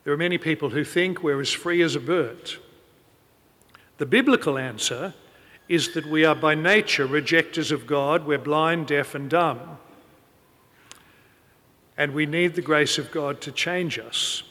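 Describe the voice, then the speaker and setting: A man's voice: a little high, measured pace, long pauses, sharp tone, big-room sound. A middle-aged man preaching a sermon, telling stories and quoting the people in them. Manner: storytelling, quoting people in anecdotes.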